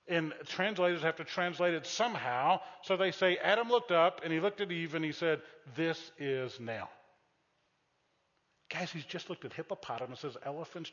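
Animated preacher in a reverberant hall. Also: male voice, a little high, muffled recording. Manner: animated storytelling with shouted exclamations; drops to a soft, intimate tone for appeals. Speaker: pastor. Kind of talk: sermon.

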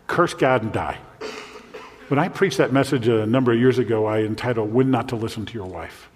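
A male pastor preaching a sermon, asking the listeners questions and swinging between urgent emphasis and a hushed, near-whispered voice. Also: medium pitch, a little hiss or hum. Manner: preaching with rhetorical questions and sudden drops to a hushed voice. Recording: long reverb of a large hall.

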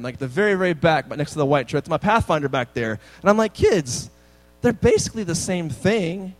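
A man in his thirties preaching a sermon, telling a story in a casual, joking way with lively quoted dialogue. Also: fairly high pitch, poor audio. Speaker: pastor.

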